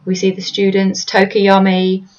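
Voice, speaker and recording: A woman's voice: medium pitch, completely flat delivery, measured pace, a little mellow, lo-fi sound. A woman co-hosting a podcast, casually recapping a manga chapter panel by panel and reading character lines aloud, sometimes stumbling over words. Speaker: podcast co-host.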